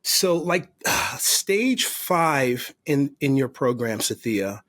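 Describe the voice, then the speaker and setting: A man's voice: mid-range voice, expressive, drawn-out words, fairly bright tone, no echo, studio quality. A man on a podcast as a guest, telling his story of recovery in a heartfelt, faith-filled way. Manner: earnest, heartfelt and emotional. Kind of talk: personal testimony in conversation.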